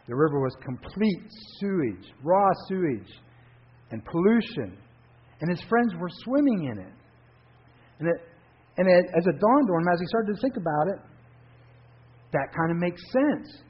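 A man preaching a sermon, telling a parable with earnest, animated storytelling. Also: a little high, husky. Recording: dull lo-fi recording.

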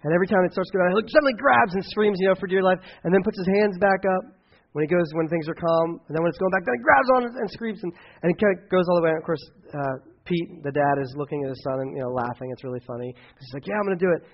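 A man's voice: fairly high pitch, little pitch movement, rapid-fire, muffled recording. A man preaching a sermon and leading a closing prayer, telling stories casually with many fillers and restarts. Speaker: pastor.

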